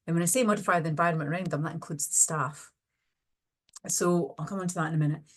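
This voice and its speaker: A middle-aged woman with a somewhat low voice gives an online webinar lecture. She speaks as a speech and language therapist and explains her slides step by step. She grounds each point in practical, everyday clinical examples. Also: quick pace.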